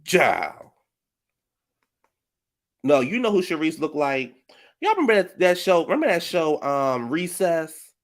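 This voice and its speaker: A flamboyant man recaps a reality TV reunion with sassy, shady commentary. His voice sits on the high side and swoops widely, drawing out words for effect. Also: big pitch swings, moderate pace.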